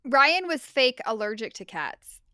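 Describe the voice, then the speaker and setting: A middle-aged woman co-hosting a podcast, telling family stories in a bubbly, animated way. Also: on the high side, measured pace, no room sound. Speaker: podcast co-host. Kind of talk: casual chat.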